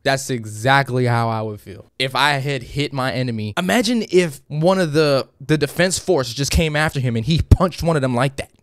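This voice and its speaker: A man giving casual, excitable reaction commentary on an anime episode, joking with slang and profanity. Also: mid-range voice, normal speed, hardly any pauses, dry recording, clean studio sound.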